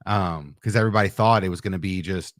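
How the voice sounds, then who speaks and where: A man's voice: low-pitched, quick pace, no room sound, clean studio sound. A man co-hosting a casual sports betting chat, laid-back and explaining at length.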